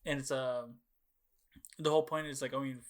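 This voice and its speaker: Speaking at a normal speed with fairly even intonation, a young man with a mid-range voice rambles through a long story on the casual podcast he co-hosts. He swears, uses lots of fillers, and acts out his own past reactions.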